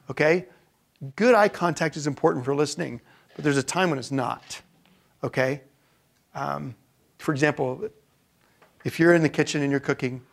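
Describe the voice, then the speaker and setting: A man's voice: a little high, vocal fry. A man giving a parenting talk to a live audience, conversational and often checking in with the room. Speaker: parenting seminar speaker.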